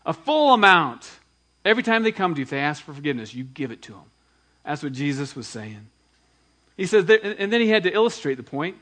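An adult male pastor gives a sermon, his somewhat high voice animated as he dramatizes scripture and drops quiet asides along the way.

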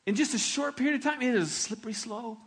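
A pastor preaching a sermon with animated delivery, swinging from loud emphasis to hushed, slow reflection. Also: male voice, very high-pitched, slightly rough.

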